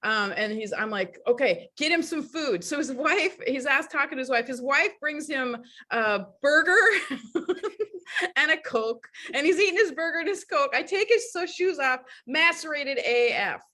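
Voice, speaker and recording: A woman guest telling lively, laughing stories about foot care over a video call. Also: high-pitched, moderate pace. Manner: lively, laughing, animated storyteller. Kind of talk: casual storytelling on a video call.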